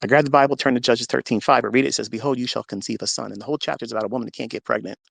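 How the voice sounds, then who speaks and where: A man with a medium-pitched, creaky voice talks in rapid bursts with fairly even intonation and a somewhat bright tone, recorded without echo. He's a trading mentor giving an earnest, religious personal testimony to an audio-chat audience, acting out the words he once said.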